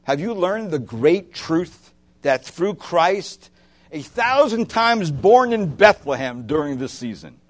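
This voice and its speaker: Impassioned pastor preaching a sermon. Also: male voice, a little high, very animated, slow. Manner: impassioned, swings from loud emphatic to hushed; asks the listeners direct questions.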